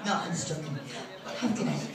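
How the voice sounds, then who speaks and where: A woman's voice: low-pitched, quick pace, vocal fry. Middle-aged woman, stand-up comic, crude self-mockery, roomy echo, distant phone recording, crowd laughing. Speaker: stand-up comedian. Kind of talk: stand-up comedy set. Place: comedy club stage. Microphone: phone recording from the audience. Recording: echoey club from afar, crowd. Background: audience laughter.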